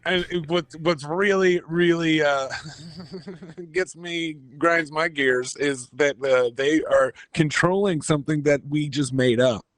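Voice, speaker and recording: A man co-hosting a comedy podcast, rambling with deadpan jokes in casual chat. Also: a little high, a little slow, no echo. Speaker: podcast co-host.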